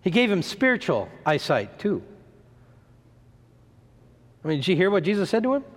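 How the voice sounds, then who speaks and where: A man preaching a sermon, retelling a story in an animated way, acting out the voices, sometimes stumbling and repeating words. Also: sits high, moderate pace. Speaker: pastor. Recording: long hall reverb.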